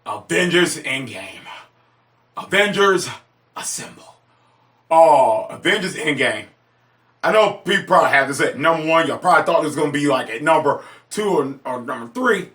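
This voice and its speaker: An excitable man talks through his movie rankings in a loose, rambling monologue, circling back on his words. His voice is bright and pushing, and it leaps into high yelps whenever he gets carried away. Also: a little fast. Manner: excitable, gushing, repeats himself, sudden high-pitched exclamations. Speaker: movie reviewer.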